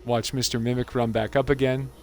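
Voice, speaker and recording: A man's voice: medium pitch, level tone, fairly quick, faint music behind. A man hosting a gaming channel, giving casual gameplay commentary in an amused, chatty way and laughing often.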